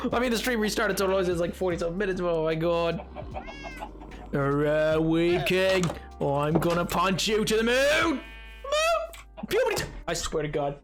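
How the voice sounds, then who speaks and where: A man streaming a game live and chatting with his viewers, hoarse from hours of talking, animated and self-mocking, breaking into laughter often. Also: high-pitched. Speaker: livestreamer. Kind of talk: casual gaming livestream chat.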